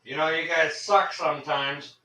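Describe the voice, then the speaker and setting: A man's voice: on the high side, steady tone, moderate pace, bright, forceful tone. A man hosting a casual livestream, chatting with viewers and rambling with lots of fillers and jokes. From Canada. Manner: rambling and joking with frequent fillers. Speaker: livestream host reading chat.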